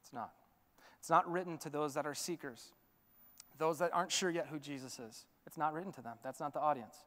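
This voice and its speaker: Bright-voiced animated male pastor. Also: fairly high pitch, fairly quick, in a large hall. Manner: animated, chatty, many fillers. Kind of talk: storytelling sermon. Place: church sanctuary.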